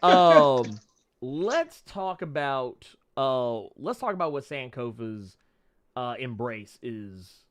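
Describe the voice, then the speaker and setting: A male podcast host whose pitch rises and falls with real animation. He talks loosely and rambles, tripping over repeated words as he goes. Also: lively intonation, slow. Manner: rambling, stammering restarts, laughs often. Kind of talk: casual interview chat.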